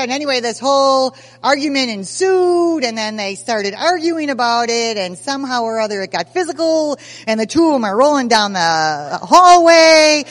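A woman in her sixties telling stories at a recovery meeting, lively and self-mocking, acting out scenes as she goes. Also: high-pitched, moderate pace, hardly any pauses, in a large hall. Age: 60s. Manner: animated, self-mocking storyteller who acts out scenes. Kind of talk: personal testimony at a recovery meeting.

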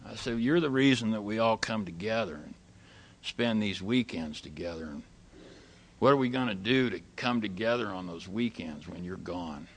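A man's voice: lowish voice, expressive, moderate pace, husky. An older man speaking plainly and folksily to a recovery meeting, telling stories and jokes. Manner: folksy, plain-spoken, tells jokes and quotes others. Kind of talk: storytelling talk to a live group.

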